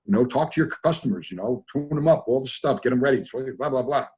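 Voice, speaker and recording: An older man telling rambling stories in a casual, animated way over a video call. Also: medium pitch, quick pace, breathy edge. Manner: animated, rambling, repeats himself. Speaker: guest trainer. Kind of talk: casual storytelling.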